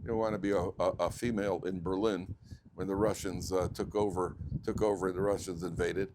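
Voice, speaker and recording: American rabbi joking through a Torah class. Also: male voice, level tone, a little fast, background noise. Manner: joking, digressive, with sudden jumps in pitch. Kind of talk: informal Torah lecture.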